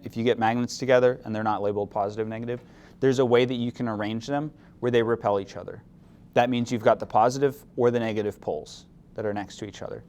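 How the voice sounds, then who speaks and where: Medium-pitched and a little mellow, this chemistry instructor walks his class through the material step by step. He keeps asking the students questions and offers mildly opinionated remarks.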